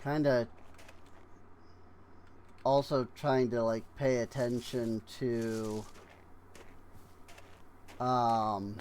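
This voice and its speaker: Slow, rambling tired-sounding man gaming. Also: mid-range voice, level tone, darkish tone, slight background noise. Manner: rambling, unhurried, many fillers and trailing thoughts. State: yawning, tired. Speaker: gaming streamer. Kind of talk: casual let's-play commentary.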